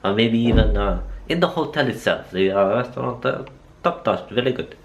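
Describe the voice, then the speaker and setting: A man voicing a chatty French male coworker in a hammy mock French accent, halting with drawn-out uhs. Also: fairly low pitch, expressive, vocal fry, a little hiss or hum. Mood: enthusiastic.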